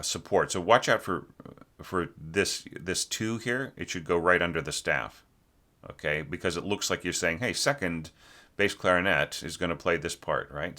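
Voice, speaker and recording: A man with a very low voice and a bright, forceful tone gives a critique of a student's orchestral score. His delivery is loose and conversational, full of restarts and tag questions like "right?". He sometimes hums a short melodic line to show what he means. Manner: rambling and conversational, keeps asking "right?". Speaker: orchestration teacher.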